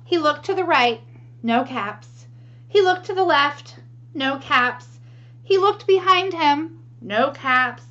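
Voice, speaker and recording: Animated woman reading a picture book. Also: high-pitched, slow, muffled recording. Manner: animated, asks the listeners questions. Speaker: storyteller for children.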